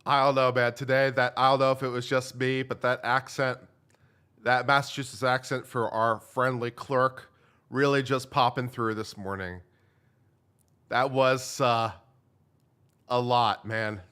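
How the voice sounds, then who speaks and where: Bright-voiced joking male streamer. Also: mid-range voice, flat delivery, measured pace, clear, resonant tone. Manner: chatty, joking, thanks viewers for gifts. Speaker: host reacting to a live trial stream. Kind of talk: casual live-stream chat.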